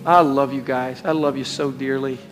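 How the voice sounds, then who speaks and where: A man preaching a sermon in a church, exhorting his congregation with call-and-response and building to shouted declarations. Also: medium pitch, steady tone, normal speed, faint music behind. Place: church sanctuary.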